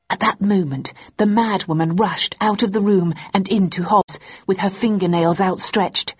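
A woman reading a novel aloud as audiobook narrator, in steady, measured narration. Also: mid-range voice, breathy edge. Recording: slightly dull lo-fi audio.

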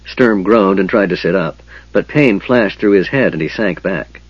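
A man narrating a fantasy audiobook in a steady, measured storytelling manner. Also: low-pitched, husky, no room sound, muffled recording.

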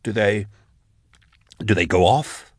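Male narrator reading an awkward, rattled scholar; halting, hushed, trying to stay calm. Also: on the low side, no room sound, studio quality. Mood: flustered. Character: nervous bookish man, awkward and rattled. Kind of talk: audiobook character voice.

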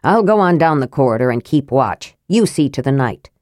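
A woman doing a gruff grim old dwarf warrior. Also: rumbling low, animated, moderate pace, a little mellow, no echo, studio quality, pitched below the performer's own voice. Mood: fuming. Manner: gruff, grumbling.

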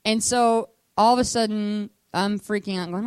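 A woman giving a casual, animated testimony sermon to a church audience, full of fillers like "like" and acting out the voices of people in her story. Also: medium pitch, normal speed, few pauses, smooth, no echo.

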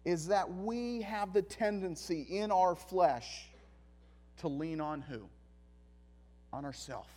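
A male pastor preaching a sermon, emphatic, with deliberate pauses and repeated phrases. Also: on the high side, a little mellow.

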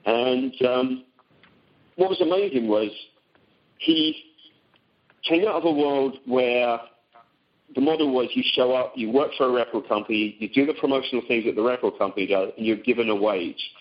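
A man's voice: mid-range voice, moderate pace. A middle-aged man speaking on a phone seminar, talking casually with many ums and restarts. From Britain. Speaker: teleseminar guest. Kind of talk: conversational phone seminar talk. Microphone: phone call. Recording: dull lo-fi call audio.

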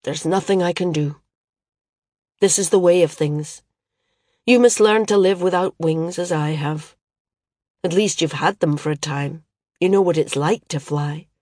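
A woman's voice: fairly low pitch, a little slow, pauses often, darkish tone, no room sound, clean studio sound. A woman reading a sad, heavy-voiced older father. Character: grieving older father, stern then gentle, slow and heavy.

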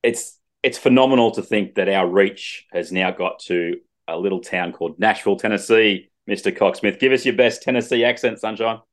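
Brief: low-voiced Aussie host, joking banter, middle-aged. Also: male voice, normal speed, hardly any pauses. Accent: Australian. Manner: laughs often, teasing banter. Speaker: podcast host. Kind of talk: casual sports chat.

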